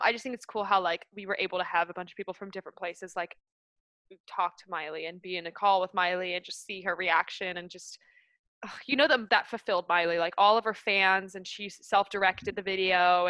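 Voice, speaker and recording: A young woman co-hosting a podcast, gushing and excited, telling stories in long run-on sentences full of "like". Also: fairly low pitch, clear, resonant tone, no echo, rough recording. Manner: bubbly, gushing, fast run-on storytelling with many "like"s. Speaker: podcast co-host. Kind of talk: excited casual chat.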